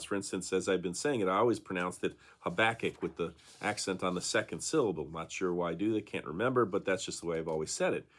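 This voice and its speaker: A male pastor giving a conversational daily devotional talk, with frequent fillers and tag questions. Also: low-pitched.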